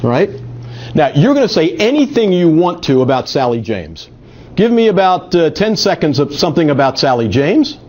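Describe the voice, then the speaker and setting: A man's voice: fairly high pitch, big pitch swings, moderate pace, darkish tone, slight background noise. A man giving a live marketing workshop at a meetup, energetically coaxing volunteers from the audience to join in. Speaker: marketing presenter. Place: meeting room at a group meetup. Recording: dull lo-fi audio.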